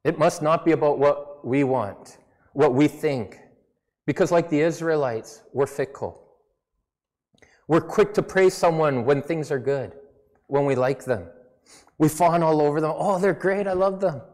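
A man delivers a sermon in an easygoing, conversational manner, speaking English with a slight non-native accent. His voice sits a little high for a man. A long reverb from a church hall trails behind his words. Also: a little slow, long pauses, a little mellow. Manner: conversational, self-deprecating preaching with mock voices. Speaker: pastor.

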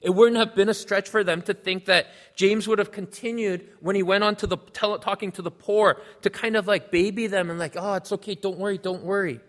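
Male pastor, earnest teaching sermon, higher voice, reverberant hall sound. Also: fairly even intonation, brisk, hardly any pauses. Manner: earnest, explanatory, reads scripture aloud.

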